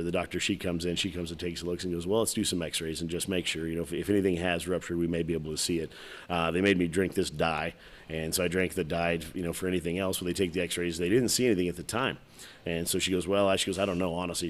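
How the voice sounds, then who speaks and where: A man casually telling a long personal story as a podcast guest, rambling and acting out the dialogue. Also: low voice. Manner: rambling, full of restarts and quoted dialogue.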